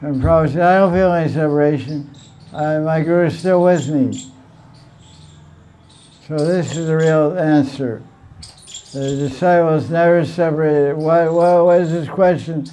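Smooth-voiced man giving a devotional class. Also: a little high, moderate pace. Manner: animated storytelling, repeats phrases, laughs. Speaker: spiritual teacher.

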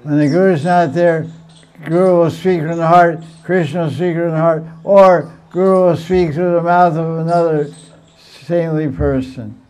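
Smooth-voiced man giving a devotional class. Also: on the high side. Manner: animated storytelling, repeats phrases, laughs. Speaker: spiritual teacher.

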